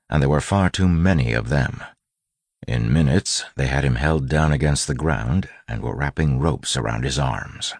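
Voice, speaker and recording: Extremely deep gravelly male narrator. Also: no room sound. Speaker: audiobook narrator. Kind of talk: scripted fiction narration.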